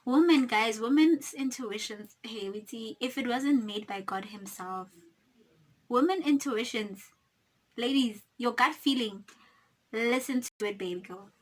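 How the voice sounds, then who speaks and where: A young South African woman in her twenties telling a storytime vlog, animated and dramatic, acting out quotes and laughing. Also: fairly high pitch, a little slow. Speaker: YouTuber.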